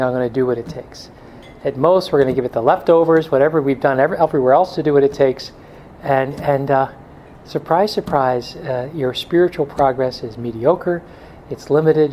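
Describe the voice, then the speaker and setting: A man's voice: medium pitch, a little mellow, a little hiss or hum, rough recording. A middle-aged male pastor giving a blunt, joking talk to a men's group, now and then mimicking excuses in a whiny voice.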